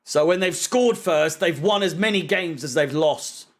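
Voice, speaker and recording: Ranting fan, high voice. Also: male voice, measured pace. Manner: frustrated, swearing, sarcastic ranting. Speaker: fan channel co-host. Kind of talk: live match watch-along commentary.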